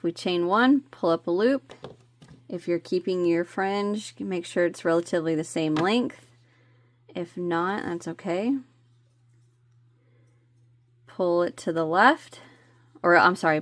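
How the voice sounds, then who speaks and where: A woman walks through a crochet pattern at an unhurried pace, stopping to count stitches softly and to add friendly asides. The sound is dry and close, with no room around it. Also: fairly low pitch, no room sound. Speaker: crochet teacher. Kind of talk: step-by-step craft tutorial.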